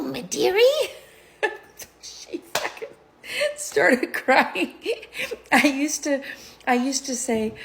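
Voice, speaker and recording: Middle-aged lady rambling through stories, low voice, lots of fry. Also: a bit bright. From Canada. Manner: chatty and digressive, laughs often. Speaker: vlogger. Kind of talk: casual chat, rambling storytelling.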